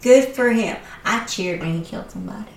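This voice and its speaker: A woman co-hosting a podcast in casual chat, emotional and quick to exclaim. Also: medium pitch, creaky, echoey room. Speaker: podcast co-host.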